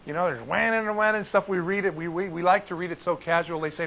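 A male pastor leads an informal Bible study, telling the story in a folksy, lively way and often restarting his sentences. His voice sits fairly high for a man. A faint hiss runs under the recording. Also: fast, poor audio.

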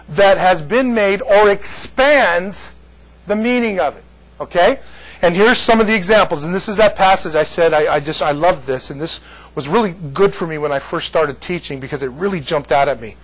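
Male Bible teacher, higher voice, loose and chatty with the class. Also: a bit bright, rough recording. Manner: chatty, jokey asides to the class.

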